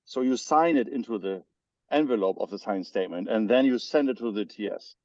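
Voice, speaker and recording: A man's voice: on the low side, brisk, darkish tone, dry recording. A man from Germany with a German accent, explaining technical spec details in a meeting, hesitant and full of fillers. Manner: hesitant, many fillers and restarts. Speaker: spec editor. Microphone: video call. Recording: dull lo-fi video call audio.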